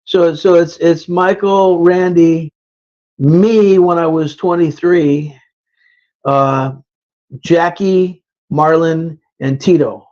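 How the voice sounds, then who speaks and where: Older guy rambling through old band stories, stutters and restarts a lot, high voice, kinda muffled audio. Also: steady tone, slow, darkish tone. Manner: repeats words, restarts often. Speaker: guest musician. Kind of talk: casual storytelling.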